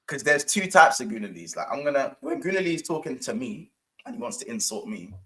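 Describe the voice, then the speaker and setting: A man's voice: mid-range voice, big pitch swings, brisk, a bit bright. A young man, chatting casually and jokily about football on a stream, full of slang and fillers. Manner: slangy, lots of fillers, jokey. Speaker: football channel host.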